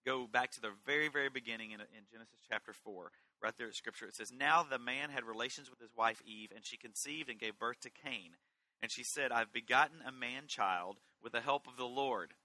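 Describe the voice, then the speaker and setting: A middle-aged man giving a conversational sermon as a pastor, reading Scripture with lively emphasis. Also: medium pitch, fairly quick, low-quality recording. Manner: conversational, animated Bible reading.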